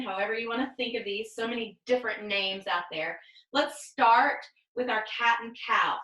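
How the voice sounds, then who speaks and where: A woman leading a pilates class over a video call, giving calm step-by-step cues and counting reps. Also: a little high, moderate pace, roomy sound, rough recording. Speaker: pilates instructor. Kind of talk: guided exercise class cues.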